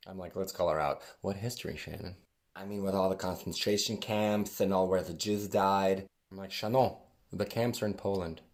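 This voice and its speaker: Deep-voiced sarcastic young man from Switzerland. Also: steady tone, normal speed. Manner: sarcastic, mocking imitations of others. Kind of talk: casual anecdote.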